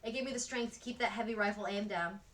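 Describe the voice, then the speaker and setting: An earnest, soft-spoken orphan girl of twelve, voiced by a woman reading a storybook aloud. She talks briskly and sounds set back from the microphone. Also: medium pitch, far from the mic, lightly acted. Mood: reflective.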